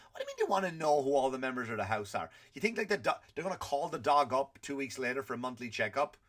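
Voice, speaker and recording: A man's voice: medium pitch, sing-song, fast talker, hardly any pauses, a bit bright. Man, middle-aged, comedy podcast host, exasperated, profane, ranting. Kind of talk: comic rant.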